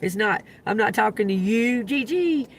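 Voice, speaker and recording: A man, telling a profane, animated story on a casual livestream, with loud outbursts. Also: sits high, normal speed. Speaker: tarot reader livestreamer.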